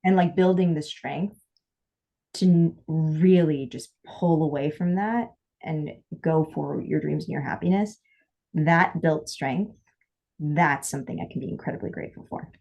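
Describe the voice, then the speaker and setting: A woman co-hosting a podcast in a casual, heartfelt chat. Her voice sits on the low side, and she talks candidly, doubling back on her words and acting out what she once said. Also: a little slow, gravelly, a little mellow, highs cut off. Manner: candid, rambling with frequent restarts and quoted asides. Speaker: podcast co-host.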